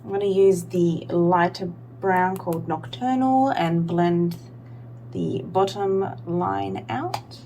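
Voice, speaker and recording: Speaking slowly in a fairly low, creaky, warm voice, this young woman vlogger talks casually through a makeup tutorial. She rambles, fills gaps with lots of fillers, and pokes fun at herself, with a little hiss or hum in the background.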